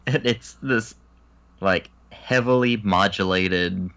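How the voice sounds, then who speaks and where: A man's voice: lowish voice, slow pace, dry recording, lo-fi sound. A man co-hosting a podcast, casually discussing a movie and mimicking its lines. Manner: lively, mimics movie lines, deadpan asides. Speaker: podcast co-host. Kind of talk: casual movie review chat.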